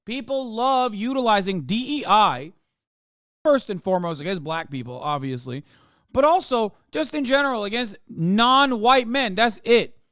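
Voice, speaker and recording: A man in his thirties streaming live, reacting to posts with profane, mocking commentary that swings from loud outrage to mumbled asides. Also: sits high, lively intonation, normal speed, dry recording, studio quality.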